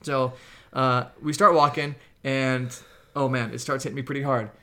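A young man telling a story in a casual chat as a podcast co-host, animated and laughing as he goes. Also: medium pitch, normal speed.

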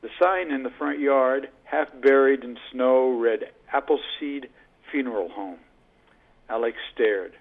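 Male audiobook narrator, mid pitch, measured read, narrow phone-like sound. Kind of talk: scripted narration. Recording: tinny phone-like band.

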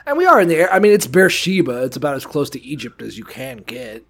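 A man's voice: mid-range voice, very animated, fast talker, fairly bright tone. A man co-hosting a casual Bible podcast, cracking crude jokes and acting out biblical figures in modern slang. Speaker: podcast co-host. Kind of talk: casual irreverent Bible discussion.

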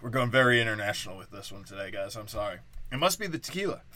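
A man's voice: fairly low pitch, very animated, fast, bright, forceful tone. A man hosting a comedy podcast, ranting in a crude, profane, sarcastic way and drifting off his point. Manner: off-the-cuff, loses his thread. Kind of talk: rambling comedic rant.

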